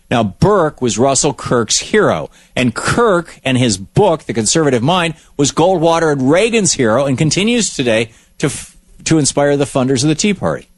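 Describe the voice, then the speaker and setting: A man's voice: mid-range voice, no echo. A man hosting a talk show who delivers political commentary in an emphatic, storytelling way. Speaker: radio talk show host.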